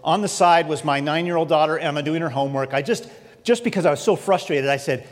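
A man delivers a sermon, slipping into an earnest, animated personal story. His voice sits somewhat high. It rings out with the long reverb of a large hall. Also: fast talker. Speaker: preacher.

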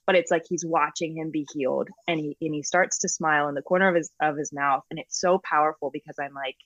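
A woman's voice: sits low, fast, no echo. A woman guest in a casual podcast chat, talking with enthusiasm and many fillers. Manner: enthusiastic, animated, filler-heavy. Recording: dull lo-fi sound.

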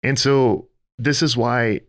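A man's voice: medium pitch, steady tone, slow pace, no room sound, studio quality. A man co-hosting a faith-based podcast discussion, speaking earnestly in a preacher-like way and building his points in lists. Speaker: podcast co-host.

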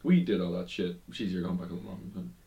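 A man with a fairly low voice rambles through a casual wrestling chat. He fills it with ums and restarts and swears now and then. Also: a little fast, creaky, dark tone. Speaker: podcast co-host.

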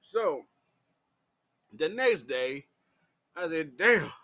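Man, unfiltered vlogger; fairly high voice that swoops wildly, unhurried delivery, salty and theatrical. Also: animated, fairly bright tone. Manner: profane, laughing, theatrical. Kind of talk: raw confessional storytelling.

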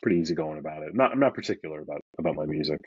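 A middle-aged Brooklyn man with a mild New York accent speaks in an extremely low, animated voice at a racing pace. He's a comic creator guesting on a podcast, chatting casually and rambling with easygoing restarts and self-corrections. The audio is dull with a little hiss or hum.

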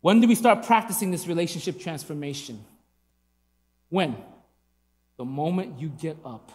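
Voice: medium pitch, normal speed, a little mellow. A preacher delivering an emphatic sermon, asking the congregation rhetorical questions. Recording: long hall reverb.

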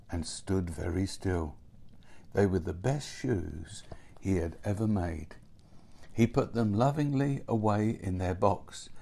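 A man narrating a storybook in a gentle, unhurried way. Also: low voice, creaky, breathy edge.

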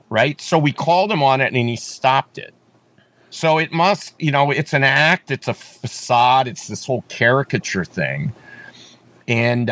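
A man running for office, talking in an emphatic, repetitive way, with frequent restarts. His voice sits at a middle pitch and sounds dry and close, with almost no room around it. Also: fairly bright tone, no echo. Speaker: political candidate. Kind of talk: campaign interview talk.

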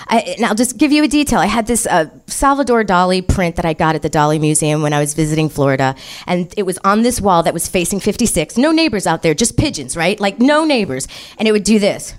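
Woman telling a profane comic story. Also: on the low side. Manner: profane, animated, laughing as she talks.

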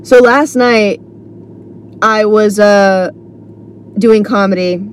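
Woman, podcast host, comedian, solo monologue, rambling, filler-heavy, mid pitch, faint noise. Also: slow pace.

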